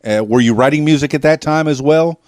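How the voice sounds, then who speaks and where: A man's voice: on the high side, brisk, darkish tone, no echo, clean studio sound. A man hosting a podcast interview, asking long, rambling questions with enthusiasm. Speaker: podcast host. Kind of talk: casual interview.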